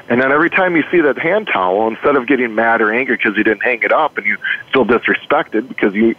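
A man speaking as a life coach in an interview, earnest, telling a client story with many rhetorical questions and repeated words. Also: mid-range voice. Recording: phone-like narrow sound.

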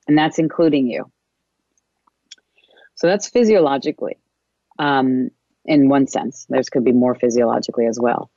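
A wellness coach giving a casual spiritual self-help talk, meandering along with frequent pauses and fillers. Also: medium pitch, dark tone, no room sound. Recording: dull, muffled recording.

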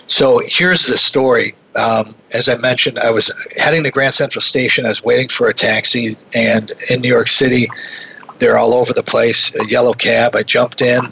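Gravelly, bright-voiced man telling a story. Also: mid-range voice, low-quality recording. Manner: animated, with frequent restarts. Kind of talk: conversational storytelling.

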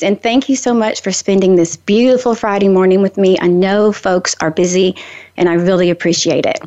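A middle-aged woman from Nashville, speaking in a Southern accent, hosts a radio talk show. She chats on and on in a friendly, storytelling way. The audio sounds a little dull, like it came over the radio. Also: mid-range voice. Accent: Southern American. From Nashville, Tennessee. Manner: talkative, animated storyteller. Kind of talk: chatty radio monologue.

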